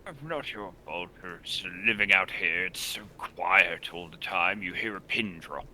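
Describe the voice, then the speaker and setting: A quiet, weary middle-aged father who talks softly and politely, played by a man. His voice sits low with a very bright edge, and he keeps it hushed. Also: measured pace, a little hiss or hum, heavily acted. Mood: subdued. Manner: soft-spoken and polite.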